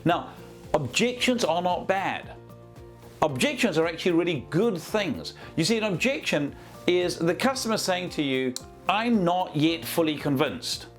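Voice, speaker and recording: A man coaches sales teams in a talk to the camera. His slightly high voice rises and falls animatedly as he acts out little scenes. He keeps it chatty and practical. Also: normal speed, soft background music. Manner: lively, conversational, acts out examples. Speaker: business trainer and coach.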